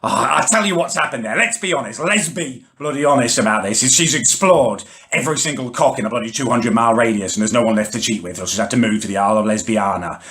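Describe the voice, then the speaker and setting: A man's voice: mid-range voice, fast, hardly any pauses, fairly bright tone. A man ranting to camera as a comedy vlogger, exasperated, indignant and full of swearing. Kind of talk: comic rant to camera.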